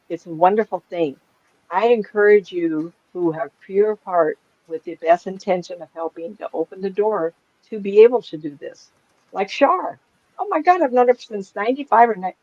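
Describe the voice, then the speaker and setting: A woman's voice: fairly low pitch, a little mellow, dry recording. A woman in her sixties, a psychic medium, talking casually to a small group in a rambling, chatty way that is full of laughs. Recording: dull, lo-fi and dry.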